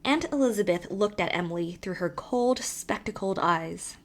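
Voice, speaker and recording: Female audiobook narrator, measured and expressive. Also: medium pitch. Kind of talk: scripted narration.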